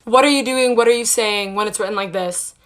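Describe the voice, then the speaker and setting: A woman's voice: mid-range voice, brisk, a bit bright. A young woman giving a casual, sassy and blunt opinion rant to camera.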